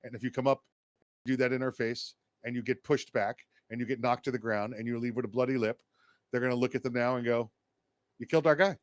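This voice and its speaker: Man, podcast co-host, blunt, emphatic, quick delivery, dry mic. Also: mid-range voice, level tone, no room sound. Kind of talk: political commentary podcast.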